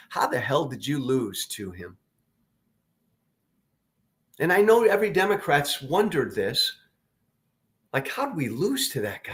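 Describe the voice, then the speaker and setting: Male talk host, slow deliberate rant, slightly high voice, blunt and salty, hammers points home. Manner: blunt, profane, repeats points for emphasis. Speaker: political talk show host. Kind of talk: opinionated political commentary.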